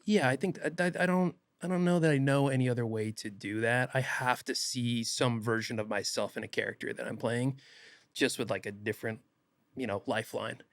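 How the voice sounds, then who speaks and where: A young man, an actor guest on a podcast, telling stories in a casual animated way and acting out quotes. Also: mid-range voice, brisk, no echo. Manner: animated, laughs often, acts out quotes. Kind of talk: casual podcast interview storytelling.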